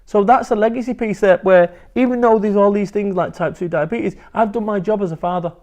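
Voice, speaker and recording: In a candid interview, a motivational speaker from England swears freely while talking bluntly and with animation. His voice is high-pitched, brisk and slightly mellow.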